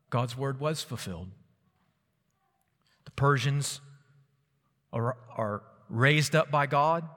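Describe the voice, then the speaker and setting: A man's voice: mid-range voice, fairly bright tone. A man preaching an earnest expository sermon, quoting scripture with emphasis. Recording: long reverb of a large hall.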